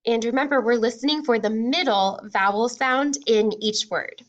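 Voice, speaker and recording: A woman kindergarten teacher leads a phonics drill at an unhurried pace, her voice sitting a little high. She stretches out each sound and praises the children warmly. The recording sounds muffled and lo-fi. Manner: encouraging, sounds out words slowly and distinctly. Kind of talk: slow, clear phonics lesson for young children.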